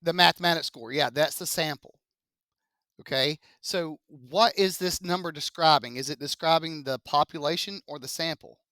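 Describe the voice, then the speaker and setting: Math teacher, young adult, bright and punchy, dry close mic, quizzes class with playful asides. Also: medium pitch, moderate pace, no room sound. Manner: chatty, joking asides, quizzing students. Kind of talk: classroom statistics lecture. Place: classroom with live students.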